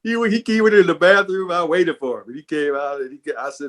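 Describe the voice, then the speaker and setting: A middle-aged man, a bassist, telling stories in a casual interview, animated and often repeating words as he goes. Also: brisk. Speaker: bassist and guest.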